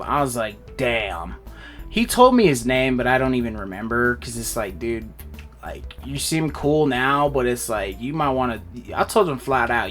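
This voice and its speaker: A man's voice: medium pitch, a little slow, soft background music. A young man casually retelling a wild fight story, acting out the other people's lines as he goes. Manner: animated retelling with voiced quotes.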